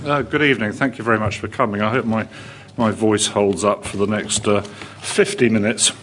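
A man giving a formal history lecture to an audience, measured and with dry wit. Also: lowish voice, fairly even intonation, background noise. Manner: measured, dry wit, read from a prepared text. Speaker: guest lecturer, history professor. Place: lecture hall.

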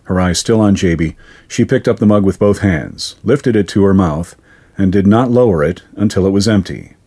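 A man narrating a fantasy story in a steady, even storytelling manner. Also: low voice, normal speed, breathy edge.

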